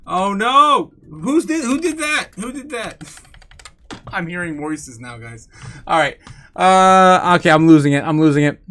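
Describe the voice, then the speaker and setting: A young man hosting a crypto livestream, rambling, laughing, swearing and exclaiming loudly, a bit tipsy. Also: high voice, lively intonation, unhurried, a little hiss or hum. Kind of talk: rambling live-stream chat.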